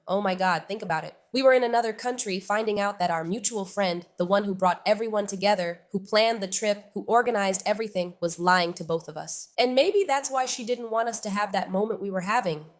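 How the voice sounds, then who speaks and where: A woman casually telling a personal story to her viewers, chatty and animated, often turning to address them directly. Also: medium pitch.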